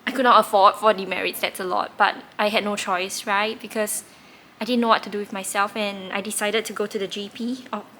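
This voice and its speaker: A woman's voice: medium pitch, fairly even intonation, a little fast, bright, forceful tone, slight background noise. A woman, candidly telling a personal story in a reflective way, with occasional laughs. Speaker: tarot reader recounting her past.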